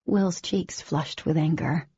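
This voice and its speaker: A woman giving scripted first-person audiobook narration in a steady, even storytelling manner. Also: low-pitched, takes it slowly, husky, dry recording, highs cut off.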